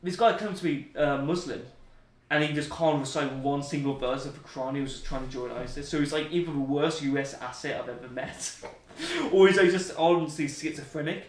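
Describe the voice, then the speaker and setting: A man's voice: fairly high pitch, animated, fairly quick. Joking, rambling man. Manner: joking, rambling storyteller in slang. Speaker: interview guest. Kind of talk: anecdotal storytelling. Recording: roomy, distant mic.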